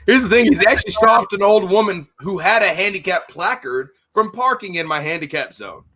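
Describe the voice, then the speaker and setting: A man's voice: sits high, lively intonation, a little fast, bright, forceful tone. Blunt, foul-mouthed middle-aged man. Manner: blunt, heated, swears constantly, acts out both sides of arguments. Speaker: podcast host, store owner. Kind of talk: casual profane storytelling.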